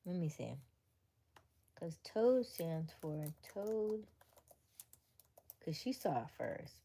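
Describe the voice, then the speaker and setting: Low, warm-voiced woman livestreaming late. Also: very animated, drawn-out words. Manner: laughs often, drops into whispers; reads answers aloud to viewers. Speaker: livestream host. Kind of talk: casual late-night livestream chat.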